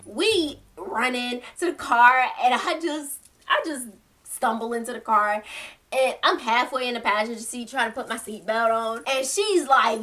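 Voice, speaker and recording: A woman's voice: a little high, slight background noise. A young woman telling a story to her viewers in casual, slangy talk, acting out quotes and laughing as she goes. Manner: animated, slangy, laughs often, acts out quotes. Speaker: storytime vlogger.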